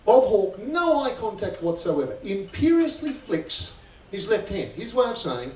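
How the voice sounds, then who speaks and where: Brief: Australian man, guest speaker at a fundraiser, theatrical storyteller. Fairly high voice, heard from a distance in a roomy hall. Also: very animated, unhurried, a little mellow, a little hiss or hum. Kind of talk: after-dinner storytelling speech. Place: function room at a fundraiser. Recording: roomy hall, distant mic, faint ambience.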